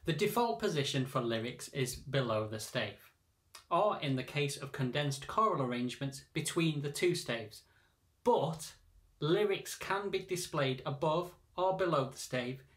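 A man's voice: medium pitch, animated, measured pace, fairly bright tone, soft background music. Patient man teaching choir reading. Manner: patient, methodical explaining. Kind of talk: instructional narration.

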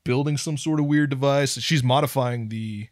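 Man, mid-pitched, relaxed, explaining plot, dry close sound. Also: moderate pace, no echo. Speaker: podcast co-host. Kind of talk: casual movie review chat.

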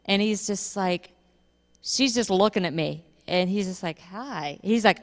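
A woman pastor preaching a sermon, telling a funny story with lively, animated delivery and laughter. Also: mid-range voice, a little slow. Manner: animated storytelling, laughing at her own stories. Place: church. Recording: reverberant church hall.

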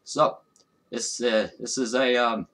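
A man's voice: mid-range voice, fairly even intonation, slow, fairly bright tone. A young man giving casual, profane, self-mocking commentary while playing a video game. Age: young adult. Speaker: gaming YouTuber. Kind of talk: let's play commentary.

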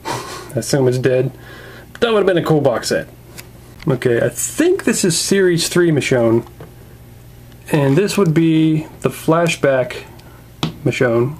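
Chatty man reviewing toys, lively pitch. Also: slight background noise. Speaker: toy reviewer. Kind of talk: casual toy review.

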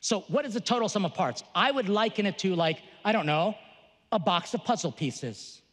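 A man, a Catholic priest, giving a lively conference talk with jokes and a teaching tone. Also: high voice, moderate pace. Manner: animated, joking, teaching tone. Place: large conference hall. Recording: long reverb of a large hall.

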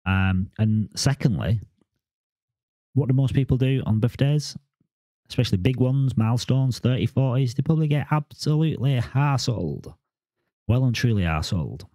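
A man's voice: medium pitch, lively intonation, moderate pace, dark tone, no echo. A man, talking to camera in a casual, rambling vlog monologue and often repeating words and restarting his sentences. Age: 40s. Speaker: crypto vlogger.

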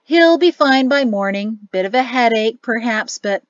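A woman's voice: fairly high pitch, expressive, normal speed, dry recording, highs cut off, close to an everyday voice. A woman voicing a jovial, chatty male innkeeper and cook in an audiobook. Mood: cheerful. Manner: cheery, chatty, boastful.

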